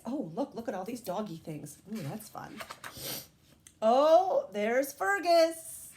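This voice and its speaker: A woman's voice: on the high side, slow, slight background noise. A woman reading a picture book aloud to young children, asking them questions as she goes. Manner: warm, animated, questions to young listeners.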